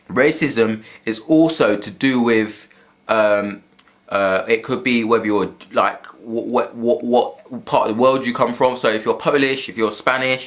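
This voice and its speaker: A man's voice: medium pitch, a bit bright. Heated man ranting at home. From England. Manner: heated, swearing, repeats himself. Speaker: vlogger. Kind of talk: casual rant to camera. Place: room at home with a TV.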